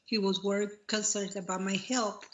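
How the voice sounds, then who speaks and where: A woman answering interview questions in a soft-spoken, earnest way, heard over video call audio. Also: mid-range voice, flat delivery, normal speed, dull audio.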